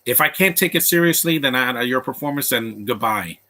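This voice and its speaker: A man's voice: mid-range voice, animated, moderate pace, pushed and bright. A man giving live, blunt and opinionated commentary over a movie, rambling from one aside to the next. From Latino background.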